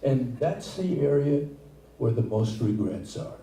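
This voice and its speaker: An older man doing a stand-up set, with a halting, rambling delivery full of restarts. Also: medium pitch, lively intonation, dark tone. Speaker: stand-up comedian. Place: comedy theater stage, live audience. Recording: echoey room, far from mic, noisy.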